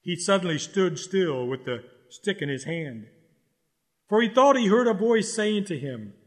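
A man preaching a sermon in an urgent, exhorting way, repeating key lines slowly for stress. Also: high-pitched, very animated, big-room sound.

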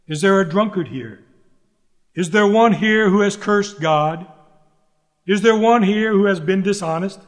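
High-voiced man preaching in a reverberant hall. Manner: earnest, emphatic pleading with repeated phrases. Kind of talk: sermon.

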